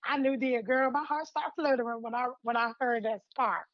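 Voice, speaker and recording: Woman, podcast co-host, casual chat, acts out story lines, high voice, lo-fi. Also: normal speed, no echo. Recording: dull lo-fi sound.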